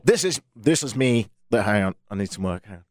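A man's voice: lowish voice, animated, fairly quick, no room sound. An English man hosting a radio talk show from a studio, with dry, self-mocking banter. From England. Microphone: studio microphone.

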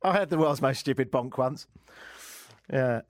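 An English man hosts a comedic talk radio show, bantering and telling news stories in a joking, sarcastic way and laughing at his own lines. His voice sits in the mid range at a moderate pace, captured on a studio microphone with a dry, studio-quality sound.

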